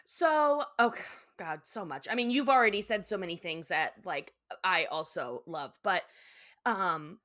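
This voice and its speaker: A woman's voice: medium pitch, a bit bright. A woman guest on a casual podcast, talking with enthusiasm, laughing often and acting out lines from a cartoon.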